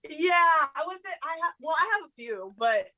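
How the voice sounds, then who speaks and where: A woman's voice: high-pitched, big pitch swings, a little fast, pushed and bright, poor audio. A young adult woman, a guest actress, chatting casually in an interview with lots of fillers and laughs.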